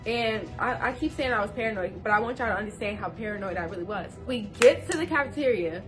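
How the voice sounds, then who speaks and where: A woman's voice: medium pitch, expressive, fast talker, music in the background. A young woman telling a casual storytime, slangy and talking straight to viewers. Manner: slangy, addresses viewers directly.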